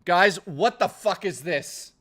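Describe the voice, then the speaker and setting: A man chatting casually on a livestream, ranting in a profane, excitable way and jumping from topic to topic. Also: high voice, takes it slowly. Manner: jumps topic to topic.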